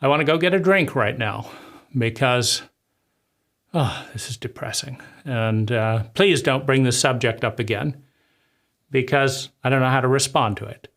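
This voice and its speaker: Man doing overwhelmed mother, self-pitying, halting, weary. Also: medium pitch, fairly bright tone.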